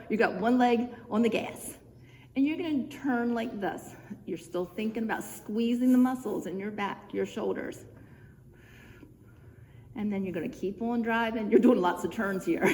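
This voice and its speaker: A woman's voice: a little high, measured pace, darkish tone. Breathless woman leading home exercises. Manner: encouraging, chatty, cueing moves step by step. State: a bit out of breath. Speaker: fitness instructor. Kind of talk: guided home exercise instruction. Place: church room, indoors. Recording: reverberant room with faint background noise.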